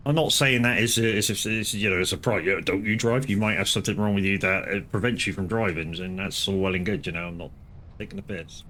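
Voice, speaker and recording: Man, low voice, casual game commentary, rambling, swears a lot. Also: fairly even intonation, fast, pushed and bright, a little hiss or hum. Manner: rambling, swearing, frequent restarts. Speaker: live streamer.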